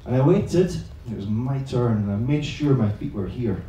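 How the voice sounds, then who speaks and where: His pitch is medium and his tone warm, delivered at a moderate pace with lively intonation. A teacher trainer, he entertains a live crowd with a comic, chatty, self-mocking story full of swearing. Slight background noise accompanies the distant-mic capture in a big, echoing hall at an evening event.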